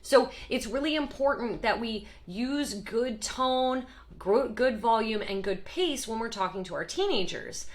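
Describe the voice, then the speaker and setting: A woman explaining parenting communication in a lively, emphatic teaching talk, acting out short example voices. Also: on the high side, a little slow. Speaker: parenting educator.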